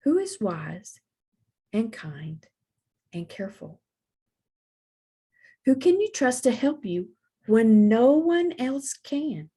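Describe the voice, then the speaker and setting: Gentle storybook princess pet, wise and kind, a woman reading; slow, faintly husky. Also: fairly high pitch, sing-song, heavily acted. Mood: gentle coaxing.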